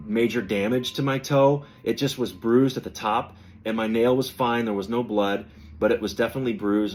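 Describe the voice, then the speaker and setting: A man hosting a podcast, telling a personal story in a casual, animated way and acting out the voices of people he quotes. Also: fairly low pitch, slight background noise. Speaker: podcast host.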